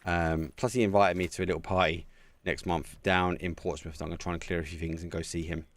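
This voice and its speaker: A man casting a live esports match as a community caster, chatty and excitable, talking to viewers between plays. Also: low voice, quick pace. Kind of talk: live community game commentary.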